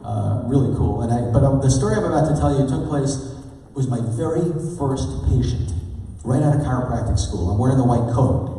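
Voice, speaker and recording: A man speaking as a motivational speaker, telling a story to a live audience in an animated, chatty way and asking them questions. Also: mid-range voice, a little fast, hardly any pauses. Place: large hall. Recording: echoey hall from far off.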